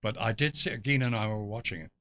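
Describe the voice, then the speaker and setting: A man's voice: fairly low pitch, fast talker, fairly bright tone, no room sound, lo-fi sound. An older English man, a guest actor, telling stories in an interview with theatrical asides. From England. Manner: expansive storyteller, theatrical asides. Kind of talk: anecdotal interview talk.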